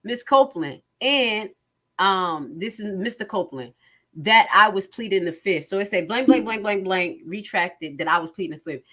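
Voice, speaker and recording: A woman's voice: mid-range voice, expressive, moderate pace, a bit bright. A woman reading court transcripts aloud and commenting on them emphatically, often asking her viewers questions. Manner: emphatic, repeats phrases, asks viewers questions.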